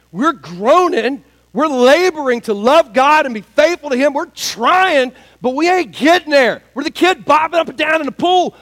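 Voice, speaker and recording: A man preaching a sermon, telling a story in an animated, joking way and acting out the scenes. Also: very high-pitched, poor audio. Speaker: pastor.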